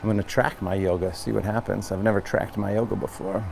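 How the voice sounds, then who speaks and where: An American yoga teacher from Long Island, a man with a fairly low voice. He talks earnestly and casually, rambling and restarting his sentences as he guides the class. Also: steady tone, quick pace, vocal fry, a little mellow, slight background noise. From Long Island, New York.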